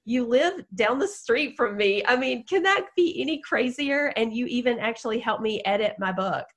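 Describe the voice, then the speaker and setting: Higher-voiced middle-aged guest from Georgia, emotional storyteller. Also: female voice, lively intonation, moderate pace. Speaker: podcast guest, author. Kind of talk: podcast interview.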